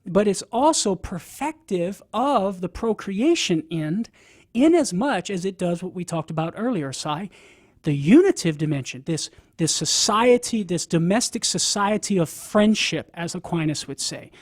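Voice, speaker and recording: A man's voice: sits high, very animated, a little slow, no echo, studio quality. A man with a Cajun accent, a radio guest explaining ideas step by step, often checking in with "right?". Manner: teaching, sprinkles "right?" to check in. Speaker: guest apologist.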